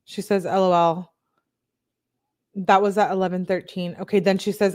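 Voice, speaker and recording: A true-crime commentator reads text messages aloud in a medium-pitched, slightly mellow voice with a level tone and normal speed. She raises her voice a little for the quotes and cuts in with blunt, candid asides.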